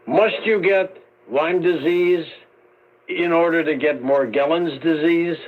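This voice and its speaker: A male radio host with a slightly high voice sets up callers and pushes his guest with brisk, leading questions. The audio is thin and tinny, like an old broadcast. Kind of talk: radio call-in interview.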